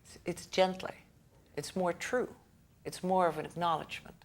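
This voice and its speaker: A woman with a somewhat low voice gives a relaxed talk on raising children, in the manner of a school director. She keeps it chatty, pausing to check in with her listeners, and slips into the voices of the people in her anecdotes. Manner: conversational, checks in with the audience and laughs often; acts out the people in her stories. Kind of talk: lecture to parents.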